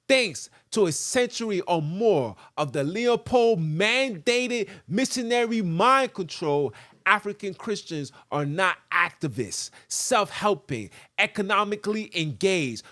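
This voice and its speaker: A man's voice: high voice, big pitch swings, unhurried, a bit bright. A man hosting a podcast, reading a text aloud and breaking off into emphatic, preachy commentary. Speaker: podcast host.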